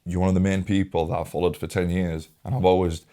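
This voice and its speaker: A young man hosting a podcast, talking emotionally in a halting, repetitive way and holding back tears. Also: low-pitched, level tone, mellow. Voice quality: informal, swears often, halting and repetitive. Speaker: podcast host. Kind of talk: emotional casual conversation.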